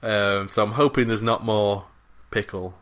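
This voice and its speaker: At a measured pace, a fairly low, steady and fairly bright voice carries this gaming podcast co-host's talk. He chats casually and enthusiastically, rambling along with many fillers and swear words.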